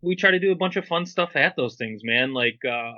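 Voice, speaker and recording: A man's voice: a little high, lively intonation, fairly quick, sharp tone, dull audio. A man being interviewed on a podcast, telling stories in a laid-back, slangy way and acting out quotes. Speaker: guest, clothing brand owner. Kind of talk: casual storytelling interview.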